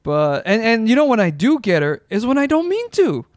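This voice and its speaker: A man with a high voice that jumps all over his range chats casually as a podcast co-host, laughing often and putting on voices for the people in his stories. The sound is dry and close, with no room in it. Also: wildly swooping pitch, a little fast, dry recording. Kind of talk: casual chat.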